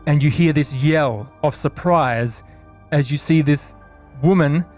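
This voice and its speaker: A man's voice: a little high, a little mellow. A man narrating a tabletop horror game as game master, casual and descriptive.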